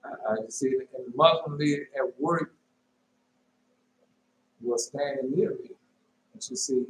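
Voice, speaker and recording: A man preaching informally and telling a dream, emphatic, repeating his phrases and jumping into sudden high shouts. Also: unhurried, pauses often. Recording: echoey room with faint noise.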